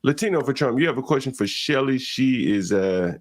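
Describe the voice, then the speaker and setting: A man's voice: mid-range voice, lively intonation, brisk, no room sound, clean studio sound. A man hosting a casual livestream panel, drawling his words at times. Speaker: livestream host.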